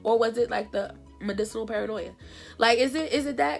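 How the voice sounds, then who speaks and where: Animated woman telling a story, gravelly voice. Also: a little high, fairly quick, faint music behind. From New Jersey. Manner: animated, acts out dialogue in voices. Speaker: vlogger. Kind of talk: casual storytime.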